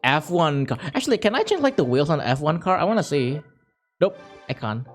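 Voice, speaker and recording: A man's voice: a little high, sing-song, fairly quick, soft background music. A man casually chatting to his chat while playing a racing game on a stream, jokey and a bit profane.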